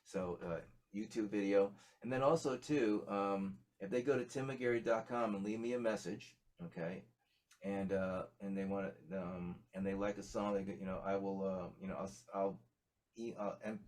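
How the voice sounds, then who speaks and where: Rambling, easygoing lowish man. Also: steady tone, normal speed, a little mellow. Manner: rambling, many fillers and restarts. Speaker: musician guest. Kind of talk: casual interview chat.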